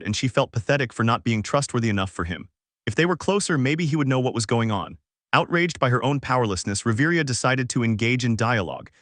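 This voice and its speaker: A man narrating a fanfic story in a steady, even reading voice. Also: medium pitch, no echo, clean studio sound.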